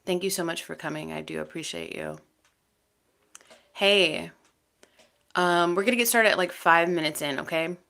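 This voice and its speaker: A woman from Texas hosts a tarot livestream, chatting casually at normal speed in a lowish voice with vocal fry. She pauses often, uses frequent fillers, and warmly thanks each viewer by name as they join.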